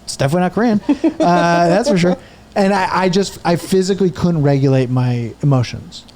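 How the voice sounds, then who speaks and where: A man in his thirties tells a story on a casual podcast, cursing freely and speaking with lively energy. His voice sits a bit high for a man but sounds mellow and relaxed. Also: fairly quick. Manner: profane, animated storytelling. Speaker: podcast host and comedian.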